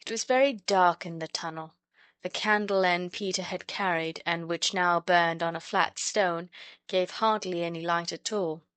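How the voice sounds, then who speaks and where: A woman narrating a classic children's book audiobook in a steady, clear reading voice. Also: fairly low pitch, moderate pace, no room sound. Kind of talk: storybook narration.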